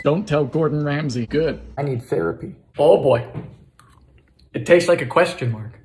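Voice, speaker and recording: A man hosting a comedic cooking video in his home kitchen, firing off theatrical deadpan quips. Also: a little high, normal speed, roomy sound, heavy background noise.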